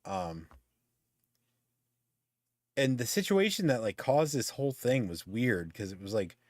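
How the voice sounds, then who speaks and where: A man's voice: medium pitch, sing-song, a little slow, no echo, studio quality. A middle-aged man telling a story in casual chat, swearing freely and ranting as he goes. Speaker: podcast host.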